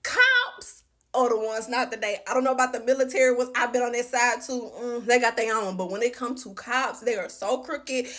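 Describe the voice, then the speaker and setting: Animated woman telling a story. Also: on the high side. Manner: animated, chatty, lots of fillers. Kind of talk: casual storytelling to viewers.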